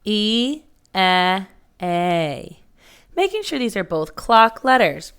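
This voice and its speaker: Woman teacher for early readers, slow and clear, bright smooth tone, lowish voice. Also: sing-song. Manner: slow, patient, clearly sounded-out letters. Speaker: first grade teacher. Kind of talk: phonics lesson for children.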